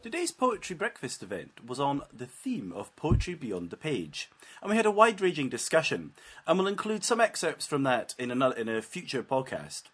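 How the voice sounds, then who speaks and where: A man's voice: medium pitch, huge pitch swings, moderate pace, fairly bright tone, breathy edge. A man hosting a poetry podcast, reading a scripted introduction. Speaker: podcast host.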